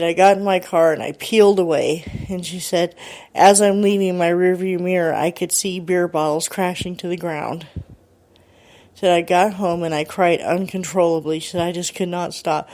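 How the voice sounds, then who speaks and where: A woman's voice: lowish voice, darkish tone. A woman radio host retelling a listener's ghost story, quoting her line by line in a chatty way. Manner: chatty, quotes the caller line by line.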